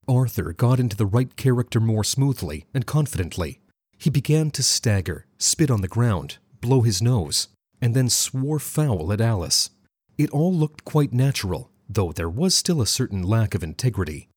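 A man narrates a story with a husky, slightly rough voice and a lively, varied pitch. The recording is close and very dry, with no room sound. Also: moderate pace, dry recording. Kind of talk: scripted narration.

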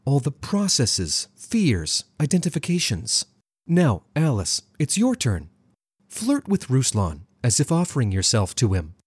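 A man's voice: mid-range voice, huge pitch swings, measured pace, breathy edge, no echo, studio quality, full character voice. A reader voicing a firm, encouraging woman tutor who gives commands and coaches her students. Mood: coaching.

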